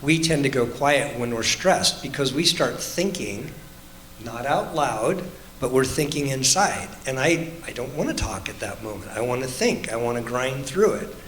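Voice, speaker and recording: A man's voice: mid-range voice, lively intonation, normal speed, fairly bright tone, a little hiss or hum. A middle-aged man co-teaching a church marriage class, chatting casually and tossing questions to the audience. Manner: conversational, asks the audience questions, frequent "right?". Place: church meeting room. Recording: echoey room.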